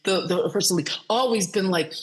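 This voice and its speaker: A woman's voice: mid-range voice, moderate pace, slightly rough, poor audio. Woman, interview guest, casual chat, rambling, full of fillers, mid-range voice. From United States, raised as military kid. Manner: rambling, many fillers and restarts. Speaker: guest, film producer and director.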